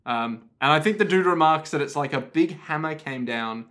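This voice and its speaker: Man, podcast co-host, casual chat, slightly high voice, dry wisecracks, goofy character voices. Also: animated, moderate pace, fairly bright tone. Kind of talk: casual chat recapping an anime episode.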